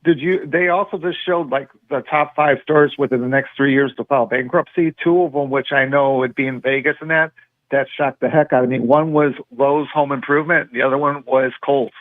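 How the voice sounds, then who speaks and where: A man's voice: medium pitch, steady tone, brisk, no room sound. A man calling in to a radio show, rambling and ranting in a heated way. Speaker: caller. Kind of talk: call-in talk radio. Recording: tinny phone line.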